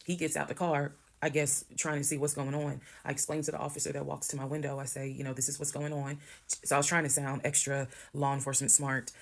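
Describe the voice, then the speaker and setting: Very low, gravelly woman telling a story. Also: level tone, fast. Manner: conversational, blunt, swears while retelling. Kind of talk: casual storytime monologue.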